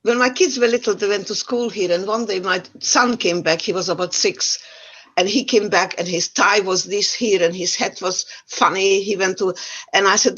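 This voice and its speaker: An older woman speaks with a Central European accent, telling her story in an animated, lively way with touches of dry humor. Her voice sits at a middle pitch. The audio is dull and lo-fi, like a video call. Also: moderate pace, slightly rough. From Yugoslavia. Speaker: guest speaker. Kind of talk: talk to an online audience.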